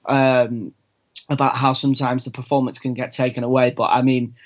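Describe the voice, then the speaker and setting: A male podcast host chats eagerly in loose, colloquial speech and trips over his restarts. His voice sits at a middle pitch. The recording is a little dull and muffled. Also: little pitch movement, moderate pace. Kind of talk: casual podcast interview.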